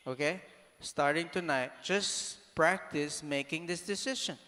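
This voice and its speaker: A man with a slightly high voice gives an animated motivational talk, throwing rhetorical questions at the crowd and now and then breaking into a shout. His voice rings out with a long reverb, as if he were in a large hall. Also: unhurried, a little hiss or hum. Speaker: speaker.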